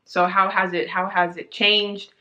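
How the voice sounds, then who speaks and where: A woman's voice: medium pitch, level tone, a little slow, sharp tone, highs cut off. A young woman, a guest in a casual chat, telling stories animatedly with many fillers and acted-out quotes.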